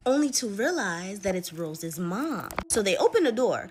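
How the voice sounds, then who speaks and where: Animated laughing woman storyteller. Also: medium pitch, normal speed. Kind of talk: casual storytelling.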